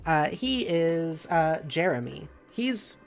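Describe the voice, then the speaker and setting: Low-voiced woman rambling on a live stream. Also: sing-song, takes it slowly. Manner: rambling, filler-heavy, bubbly. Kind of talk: casual live-stream chat.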